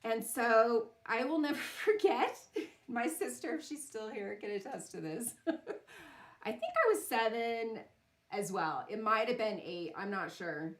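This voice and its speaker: A woman's voice: fairly high pitch, very animated, measured pace, echoey room. A woman hosting a sound bath ceremony, telling a personal story in a casual spiritual talk, often laughing and using fillers.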